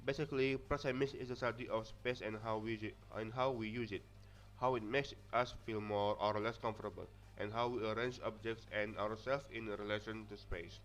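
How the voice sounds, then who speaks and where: In dull, lo-fi audio, a young man reads his student presentation from notes, stumbling and restarting often. He has an Indonesian accent, Indonesian being his first language, and his low-leaning voice is fairly bright, fairly even in intonation, and a little fast.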